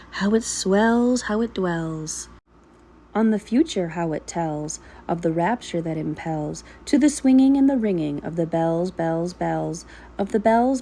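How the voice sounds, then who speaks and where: A woman vlogger reading a poem aloud while cooking at home in her kitchen, in a slow, emphatic recital that draws out repeated words. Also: medium pitch, warm tone, a little hiss or hum, rough recording. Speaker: vlogger and mother of a large family. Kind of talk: dramatic poetry reading.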